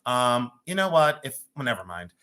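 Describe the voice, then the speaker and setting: A man hosting a live jewelry sale, chatty, theatrical and quick to mock himself. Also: mid-range voice, big pitch swings, bright, forceful tone. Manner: chatty, self-mocking, theatrical. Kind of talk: live-stream jewelry auction.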